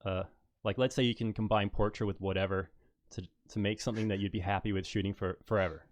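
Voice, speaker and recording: A put-on American voice, done by an Australian man, careful and a little stiff. The voice sits low. The recording is dry and close. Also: fairly even intonation, quick pace, no echo, lightly acted. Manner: careful, self-conscious impression. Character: man faking an American accent.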